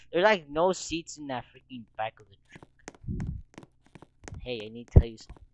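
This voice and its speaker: A teenage boy rambles through casual gameplay commentary, his voice jumping all over the place and cracking as he bursts out loud. The home mic recording carries a clear layer of background noise. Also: fairly high pitch, normal speed, dull audio. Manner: rambling, excitable, sudden loud outbursts. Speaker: gaming video creator.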